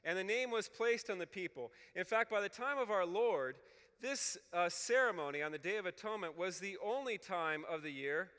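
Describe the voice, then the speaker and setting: A man teaching scripture to a room of clergy, his voice high and crisp with a bright edge. He explains step by step and often checks in with "okay?". A long reverb trails each phrase. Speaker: Bible scholar speaking at a clergy retreat.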